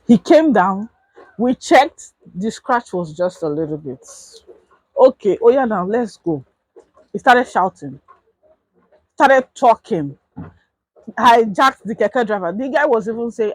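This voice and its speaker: Animated Nigerian woman telling a story. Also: fairly high pitch, unhurried, husky, no room sound, low-quality recording. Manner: animated, acts out quotes in raised voice. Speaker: vlogger. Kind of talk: casual storytime.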